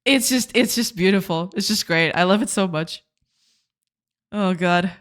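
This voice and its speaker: A woman's voice: mid-range voice, a little slow. A woman streaming her game development live, chatting casually and laughing often, and repeating words as she searches for them. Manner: laughs often and reacts warmly to chat.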